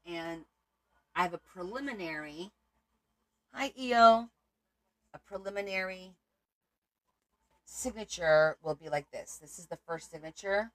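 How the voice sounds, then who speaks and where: A woman hosting a casual crafting livestream, chatting to viewers as she shows her work. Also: deep voice.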